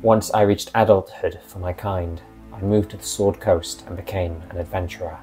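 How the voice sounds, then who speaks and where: A man reading as a calm, sorrowful, centuries-old good elf vampire, in a quiet voice with a sad tinge. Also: deep voice, moderate pace, faint music behind, close to an everyday voice. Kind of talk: reading a character monologue.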